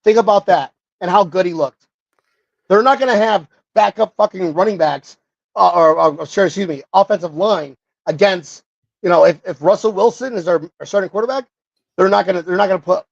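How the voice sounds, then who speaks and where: Excitable man on a muffled remote line. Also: high-pitched, brisk, vocal fry, no echo. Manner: rambling, excitable, self-correcting. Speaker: podcast co-host. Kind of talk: casual sports chat. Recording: muffled dry remote call audio.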